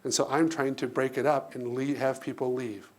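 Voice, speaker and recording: A man giving a lively keynote speech to an audience, telling stories, acting out voices and laughing often. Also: medium pitch, moderate pace. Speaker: keynote speaker. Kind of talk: live storytelling speech.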